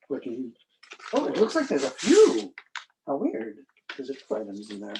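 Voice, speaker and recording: A man from New hosts an unboxing of antiques. He is chatty and excitable, and he jokes easily. His voice sits at an everyday middle pitch. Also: moderate pace, background noise. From New York City. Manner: excitable, joking, chatty storyteller. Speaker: antiques museum host. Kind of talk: casual chat during an unboxing.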